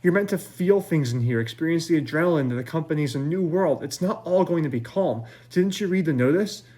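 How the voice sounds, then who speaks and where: A man's voice: a little high, lively intonation, a little fast, warm tone, lightly acted. A man reading the lines of a forthright young woman who insists on feeling everything, in a live book reading. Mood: indignant. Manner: firm, insistent.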